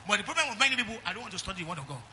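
A middle-aged Nigerian-accented man preaching a sermon in church, calling out to the congregation and swinging from loud exhortation to quiet asides. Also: high-pitched, sing-song, very fast, slight background noise. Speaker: pastor.

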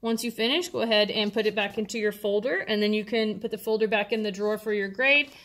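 A woman's voice: mid-range voice, fast talker, fairly bright tone. A woman teacher, patiently explaining a worksheet step by step to her students. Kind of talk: classroom instruction video.

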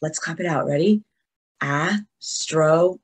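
Lively, husky woman teaching young children. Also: mid-range voice, slow. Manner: animated, encouraging, talks to young children. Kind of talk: children's lesson video.

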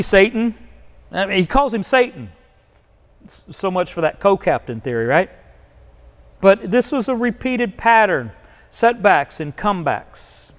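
Male pastor, high voice, conversational sermon, long hall echo. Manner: conversational preaching with many restarts and acted-out quotes. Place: church sanctuary.

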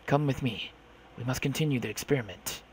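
A man's voice: medium pitch, fairly quick, slight background noise, natural voice. A man doing a cold, menacing captor. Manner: mechanical, with an edge of insanity.

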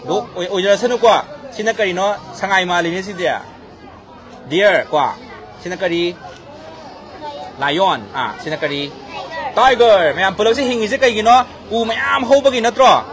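A man with a Manipuri accent hosting an outdoor school fair on a handheld microphone, explaining exhibits in an animated way. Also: sits high, rapid-fire, pauses often. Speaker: event host. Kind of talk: live event presenting. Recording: crowd noise behind.

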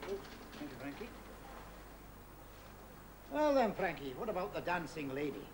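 A middle-aged Scottish factory hand with a Scottish accent, who talks in a teasing, ironic way and likes fancy words. His voice sits a little high. It comes through a hissy old television broadcast. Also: sing-song, normal speed. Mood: wry. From Scotland. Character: wry, well-read Scottish factory worker, older man. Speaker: factory worker and union man.

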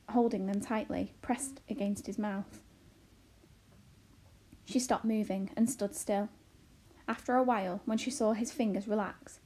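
A woman teacher reading a children's novel aloud slowly and carefully, with occasional self-corrections. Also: mid-range voice, mellow.

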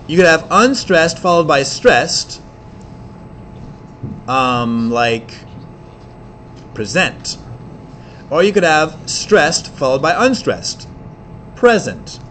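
A man teaching an English class, explaining in quick bursts with many fillers and restarts. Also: fairly high pitch, pushed and bright, a little hiss or hum. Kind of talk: classroom lecture.

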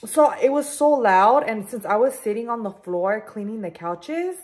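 Animated young woman telling a story. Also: on the high side, normal speed. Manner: animated, swears freely, heavy use of "like". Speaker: vlogger. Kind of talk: casual storytime vlog. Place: home kitchen, indoors.

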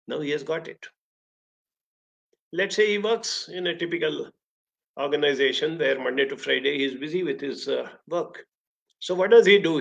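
Gravelly man giving a talk. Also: mid-range voice, fairly bright tone. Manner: storytelling, emphatic, conversational. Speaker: speaker, talk host. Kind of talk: motivational talk.

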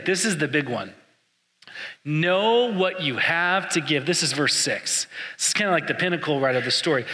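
A man's voice: fairly high pitch, pushed and bright. A man preaching a sermon to his church, telling jokey everyday stories with acted-out asides. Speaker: pastor. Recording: long hall reverb.

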